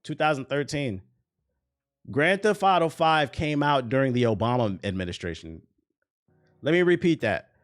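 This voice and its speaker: A man's voice: medium pitch, lively intonation, normal speed, long pauses. A young man in his twenties, a streamer, talking through gaming news in a casual, rambling and profane way. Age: 20s.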